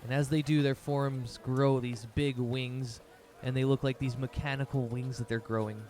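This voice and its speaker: A man's voice: medium pitch, little pitch movement, normal speed, darkish tone. A man narrating as game master of a tabletop game, rambling loosely with many fillers.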